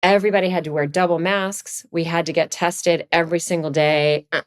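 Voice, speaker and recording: Lively middle-aged woman telling stories. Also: fairly quick. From Virginia, USA. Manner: animated storyteller, jumps high for quoted lines. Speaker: podcast guest. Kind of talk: casual chat.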